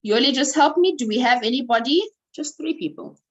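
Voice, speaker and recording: A woman leading an online voice workshop over a video call, animated and coaxing. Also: high-pitched, fairly quick, lo-fi sound. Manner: animated, instructive, coaxing participants. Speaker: voice coach running a workshop.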